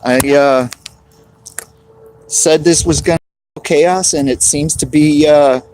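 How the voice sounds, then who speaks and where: Slow-talking man streaming outdoors in the wind. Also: a little high, steady tone, darkish tone. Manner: rambling, greets chat viewers by name, laughs often. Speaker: live-streamer. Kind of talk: casual outdoor live stream chat.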